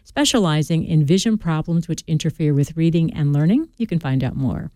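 A woman hosting a live call-in radio show, announcing smoothly and reading listener texts. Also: low-pitched, animated, brisk, dark tone, no echo. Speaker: radio host.

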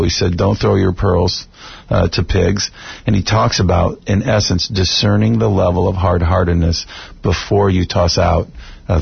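A middle-aged man, a guest Bible teacher on a radio talk show, speaking in an earnest, measured way and quoting scripture. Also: low voice, vocal fry, husky, no room sound, muffled recording.

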